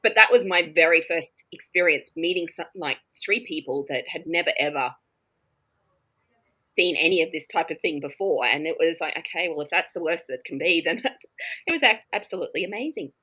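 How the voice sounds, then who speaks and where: A woman chats casually, a teacher recounting a story with lively energy. Her voice sits a little low yet has a bright, forward edge. She slips into the voices of the people in her tale. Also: fairly quick, breathy edge, low-quality recording. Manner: animated, acts out the other people in her stories.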